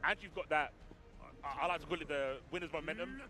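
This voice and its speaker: A man's voice: a little high, quick pace, music in the background. A man doing color commentary on a fighting game match, adding analysis and playful banter.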